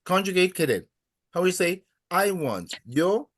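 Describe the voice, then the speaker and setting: A man teaching a Spanish class in a classroom, patiently prompting students, praising their answers and pausing often with "uh". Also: sits high, big pitch swings, a crowd in the background. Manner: hesitant, many "uh" pauses. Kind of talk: classroom language lesson.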